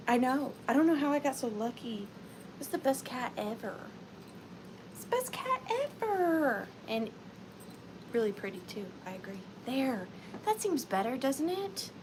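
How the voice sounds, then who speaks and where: A woman's voice: sits high, a bit bright, slight background noise. A woman hosting a live sale stream, chatting casually and playfully with viewers.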